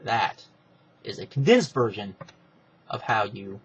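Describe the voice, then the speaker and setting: A man's voice: lowish voice, slow, breathy edge. A man telling a wrestling storyline in a casual monologue, acting out the characters as he goes, in a slightly muffled recording. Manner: animated retelling, acting out each character. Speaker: wrestling fan pitching a storyline.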